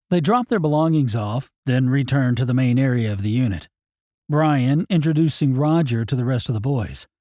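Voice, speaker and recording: A man's voice: on the high side, dark tone, no room sound, clean studio sound. A man narrating an audiobook in the first person in a plain, matter-of-fact way.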